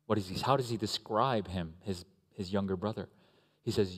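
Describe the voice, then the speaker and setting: A man pastor giving a conversational, animated sermon with asides to the congregation. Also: fairly low pitch, normal speed. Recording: echoey hall.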